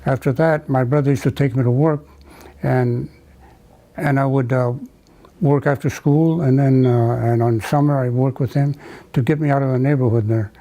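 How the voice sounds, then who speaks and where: An older man from the United States, telling a wartime memory in an oral history interview, halting with many fillers and restarts. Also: medium pitch, fairly even intonation, mellow, rough recording. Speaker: veteran interviewee.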